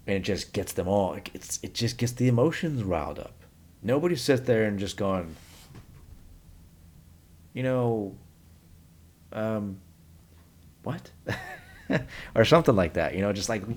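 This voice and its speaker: A man giving a blunt, opinionated solo monologue to camera as a vlogger, rambling and restarting his sentences as he goes. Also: deep voice.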